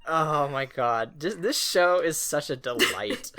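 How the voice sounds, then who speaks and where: A man's voice: a little high, expressive, takes it slowly, sharp tone, a little hiss or hum. A man co-hosting a casual podcast, rambling with lots of fillers and restarts. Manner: rambling, many fillers and restarts, laughs often. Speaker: podcast co-host. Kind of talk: casual chat.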